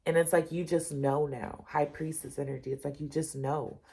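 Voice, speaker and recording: A woman gives a casual spoken tarot reading, speaking directly to the listener and calling them "you" and "y'all." Her low voice is mellow and slightly rough, with vocal fry, a moderate pace, and fairly even intonation. She repeats her points with emphasis and reassurance.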